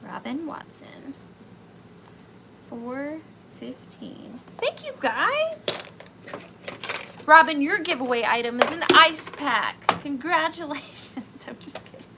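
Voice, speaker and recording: A high-voiced woman with a Southern US accent runs a live vintage sale, chatting to buyers in a playful sing-song way. She talks at an easy, unhurried pace. Clear background noise runs under her voice. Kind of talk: live auction stream chat.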